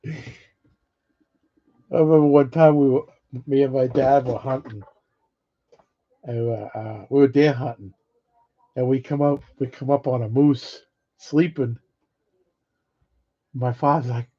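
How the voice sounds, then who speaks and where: A man's voice: medium pitch, fairly even intonation, measured pace, long pauses. A middle-aged man casually rambling through old stories, swearing freely and laughing between them. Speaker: vlogger. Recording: dull lo-fi audio.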